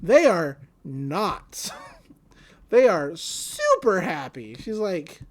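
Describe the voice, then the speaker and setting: A woman co-hosting a podcast, casually recapping a cartoon episode in an animated way with many fillers. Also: fairly low pitch, very slow. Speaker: podcast co-host.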